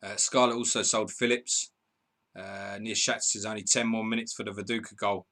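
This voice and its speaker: A man's voice: on the low side, level tone, moderate pace, pushed and bright. A man hosting a live football stream, reading viewers' comments and calling match updates in a chatty, bantering way. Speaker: podcast host.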